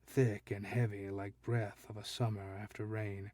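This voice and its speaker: A man reading his own fantasy story aloud at a slow, deliberate pace. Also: fairly low pitch, little pitch movement, mellow, dry recording. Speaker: audiobook narrator and author. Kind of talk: scripted fiction narration.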